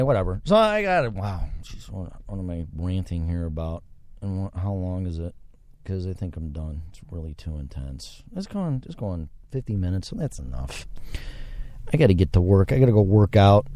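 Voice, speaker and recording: A man talks alone into the mic for his own show, wandering from thought to thought. His voice sits low and dark, yet his pitch rises and falls with lively swings. He sounds reflective and a little preachy. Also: moderate pace, dry recording. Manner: rambling, reflective, religious. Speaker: podcast host. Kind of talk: solo casual monologue.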